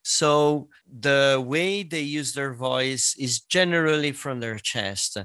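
A man with an Italian accent, a singer and voice teacher, explaining things in a casual podcast chat, pausing often with fillers. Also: mid-range voice, bright, forceful tone, smooth, no room sound. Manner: explanatory, hesitant with many fillers.

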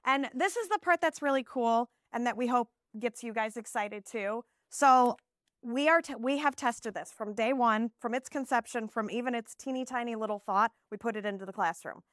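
An early childhood teacher from Texas gives an animated live conference presentation, now and then slipping into playful classroom talk. Her voice is fairly high at a moderate pace, recorded in studio quality with no room sound.

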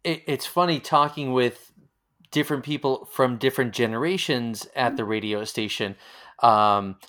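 A man with a New York accent runs a casual interview, his voice sitting at an ordinary middle pitch. He asks his questions conversationally, restarting phrases as he thinks aloud. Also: normal speed, fairly bright tone. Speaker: interviewer, radio station alumnus.

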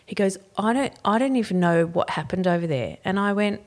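A woman's voice: lowish voice, fast, vocal fry, few pauses, darkish tone. A middle-aged woman, chatting casually as a podcast co-host, telling a story with lots of swearing and laughter. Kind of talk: casual chat.

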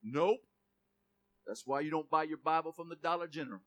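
A male pastor giving a sermon in a lively, joking way, reading scripture aloud. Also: a little high, brisk.

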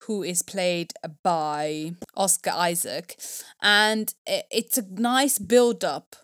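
A woman co-hosting a podcast in casual chat, chatty and animated, her pitch jumping up when she gets excited. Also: slow pace, no room sound, studio quality. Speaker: podcast co-host.

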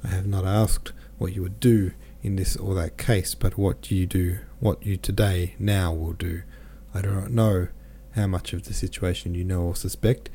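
Guy reading a worried old merchant dad, earnest and soft, low warm voice. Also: fairly even intonation, moderate pace, few pauses, a little hiss or hum. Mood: grave, gentle. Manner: earnest, grave and gentle. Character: aging father, a gentle, worried merchant.

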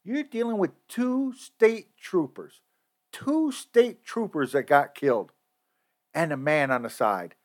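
A man's voice: a little high, animated, slow. A man hosting a podcast, delivering a heated, profane, repetitive rant. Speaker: podcast host. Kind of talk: angry solo podcast rant.

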